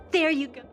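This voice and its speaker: An actress voicing a helpful, friendly flower shop keeper in a video game. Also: female voice, sits high. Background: game soundtrack music.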